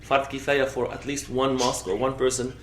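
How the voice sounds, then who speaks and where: A man's voice: medium pitch, flat delivery, a little fast. A man teaching a class on Islamic law, explaining step by step, often checking "okay?", and switching between English and recited Arabic text. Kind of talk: classroom lecture. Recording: roomy, faint background noise.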